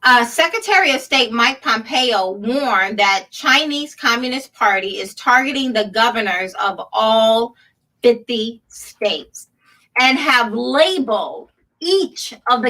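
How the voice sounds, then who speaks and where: A woman with a high, bright voice delivers sarcastic political commentary. She speaks slowly, laughs often and reads headlines aloud. Her voice sits a little back from the microphone. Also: far from the mic, poor audio. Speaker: show host.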